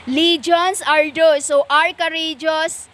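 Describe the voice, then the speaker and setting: Very high, slow, stern preaching woman. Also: flat delivery, fairly bright tone. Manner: stern and lecturing, slow with many pauses and fillers. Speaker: self-styled preacher. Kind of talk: impassioned spiritual monologue.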